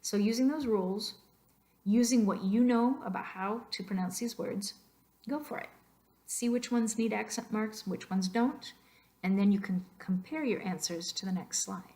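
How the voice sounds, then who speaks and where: Woman, teacher, narrated slideshow lesson, patient explaining, models pronunciation aloud, mid pitch. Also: normal speed, mellow. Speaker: Spanish teacher.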